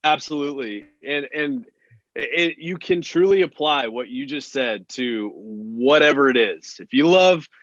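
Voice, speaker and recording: A man's voice: mid-range voice, measured pace, a bit bright, dry recording, highs cut off. A man from Texas, a country singer guest, talking earnestly in casual interview chat with many "you know" fillers.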